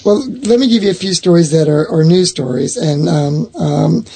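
A middle-aged man telling a long personal story in casual talk, rambling and restarting his sentences, with a husky voice. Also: a little high, normal speed, mellow. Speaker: owner of a haunted box, guest.

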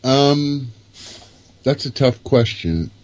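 A man's voice: mid-range voice, lively intonation, extremely slow, darkish tone, muffled recording. A man on a talk show, answering hesitantly and laughing nervously. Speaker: guest. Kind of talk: casual chat.

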